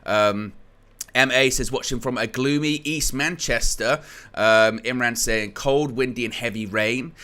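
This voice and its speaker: A man's voice: medium pitch, measured pace, pushed and bright. A man from England hosting a live-stream football fan show, chatty and rambling as he reads out viewer comments. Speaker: fan channel host.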